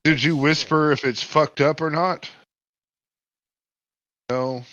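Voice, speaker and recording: A man's voice: a little high, steady tone, slow, a bit bright, dry recording, muffled recording. A man playing in a tabletop game, chatting casually, swearing freely and restarting his sentences. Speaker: player.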